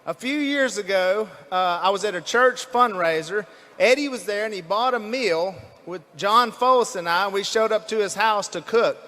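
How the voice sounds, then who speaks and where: Southern north louisiana guy, folksy rambling rally talk, highish voice, big echoey hall. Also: normal speed, sharp tone. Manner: folksy and rambling, with fillers and restarts. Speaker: rally speaker. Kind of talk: folksy speech at a political rally. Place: large indoor rally venue.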